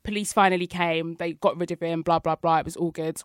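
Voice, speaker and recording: A young woman, co-hosting a podcast, telling a story in animated casual chat and acting out the voices of people in it. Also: on the low side, fairly quick, clean tone, dry recording, clean studio sound. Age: young adult. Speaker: podcast co-host.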